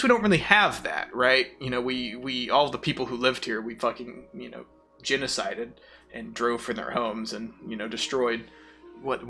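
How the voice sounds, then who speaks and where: Streaming a game and reading the chat out loud, a mildly accented southern US man chats in a casual, rambling way. His medium-pitched voice is bright and forceful.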